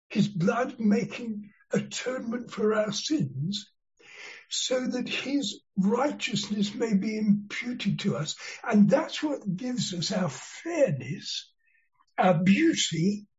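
Slow, earnest preacher on a dull recording. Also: mid-range voice, a little mellow. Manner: slow, deliberate and earnest, stressing key words. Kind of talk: expository sermon.

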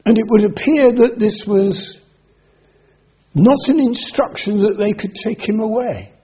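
A man preaching an expository sermon, his voice high for a man and very husky. He reads scripture aloud and then explains it, dropping soft and then rising emphatic. The recording is dull and lo-fi. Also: unhurried.

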